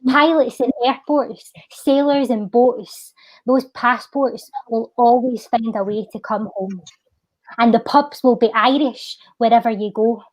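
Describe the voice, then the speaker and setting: A woman's voice: on the high side, dry recording, rough recording. A woman with a Scottish accent performing a heartfelt spoken word poem and then chatting casually as a guest. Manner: lilting, heartfelt, slows down for the poem's refrain. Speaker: guest poet. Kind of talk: spoken word poetry recital and casual chat.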